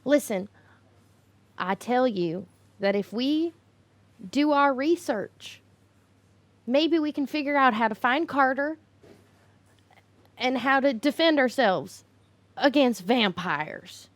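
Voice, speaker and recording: A woman's voice: sits high, animated, slow, pauses often, dry recording. A woman playing a tabletop roleplaying game, switching between her character and narration in a drawling, dramatic way. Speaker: player.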